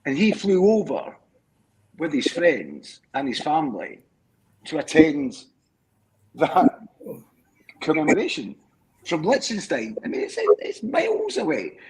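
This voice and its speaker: A man's voice: fairly high pitch, wildly swooping pitch, unhurried, long pauses, darkish tone, breathy edge, rough recording. A Scottish man chatting on a live stream call, rambling through stories, repeating words and checking in with "do you know what I mean". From Scotland. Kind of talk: casual live chat.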